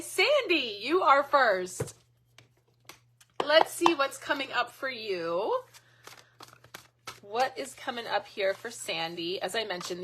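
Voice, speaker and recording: A woman's voice: medium pitch, a bit bright, a little hiss or hum. A middle-aged woman hosting a live card reading, chatting casually and thanking viewers by name. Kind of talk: casual live-stream chat.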